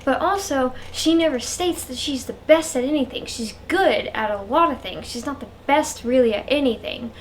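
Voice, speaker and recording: A woman's voice: high voice, normal speed, hardly any pauses, slight background noise. A woman reviewing books in a casual vlog, rambling and frank and saying "like" often. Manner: rambling, frank, heavy use of "like". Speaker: book reviewer.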